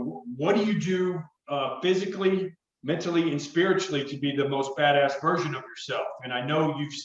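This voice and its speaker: A middle-aged man hosting a podcast, chatting in a rambling, jokey way. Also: a little high. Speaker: podcast host. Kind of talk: casual chat. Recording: echoey, distant, dull audio.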